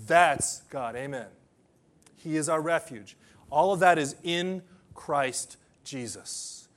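A man preaching a sermon to people whose first language is different, telling stories and then leading a quiet prayer. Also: a little high, takes it slowly.

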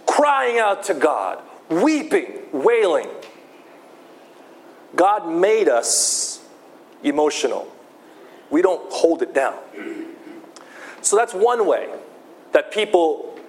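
A man preaching a sermon, slow and emphatic, often repeating his key phrases. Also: high-pitched, slight background noise. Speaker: pastor.

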